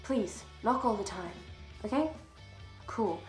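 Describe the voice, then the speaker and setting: A woman's voice: medium pitch, expressive, slow pace, faint music behind. A teenage girl vlogging to camera in a casual, chatty way, slightly out of breath, swearing freely and laughing often. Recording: echoey room.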